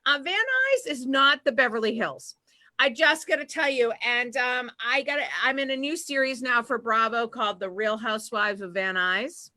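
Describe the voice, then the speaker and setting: A woman's voice: on the high side, normal speed, bright, forceful tone. A woman from Massachusetts doing a chatty stand-up comedy set on a live stream, full of fillers and asides. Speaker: stand-up comedian and show host.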